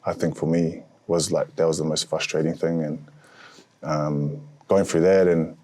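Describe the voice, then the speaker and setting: A young man, a rugby player, talking reflectively in casual chat, pausing often with fillers. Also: extremely low pitch, flat delivery, dark tone, no echo.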